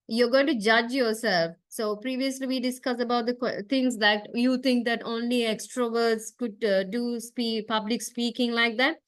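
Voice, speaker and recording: A woman teaches a university class in a fairly high voice, recorded dry with no room echo. She explains point by point, fills pauses with uh, and checks in with a questioning "right?". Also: a bit bright. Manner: frequent uh fillers and tag question right?; explanatory, step by step. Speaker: university lecturer. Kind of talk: classroom lecture.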